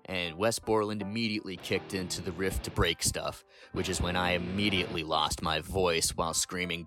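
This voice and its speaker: A man's voice: deep voice, fairly even intonation, moderate pace, few pauses, sharp tone, faint music behind. A man in his thirties reading an enthusiastic concert review aloud for a podcast. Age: 30s. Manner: enthusiastic storytelling.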